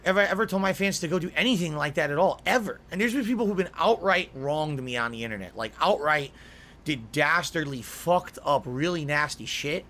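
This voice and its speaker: A man's voice: fairly high pitch, pushed and bright. Agitated man ranting to camera. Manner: ranting, insistent, repeats words for emphasis. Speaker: online video creator. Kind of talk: heated monologue.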